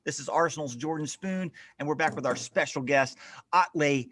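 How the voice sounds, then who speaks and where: Halting male podcast host. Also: fairly high pitch, fairly bright tone. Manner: halting, with many fillers and restarts. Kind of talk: casual podcast chat.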